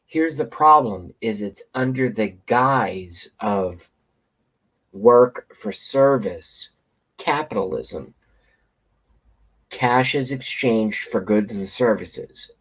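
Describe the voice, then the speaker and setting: Man, slow-paced, husky voice, crude repetitive political rant. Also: mid-range voice, animated. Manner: profane, repetitive, rambling rant. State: hiccups. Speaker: political commentator. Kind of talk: ranting political monologue. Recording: outdoors, passing train nearby.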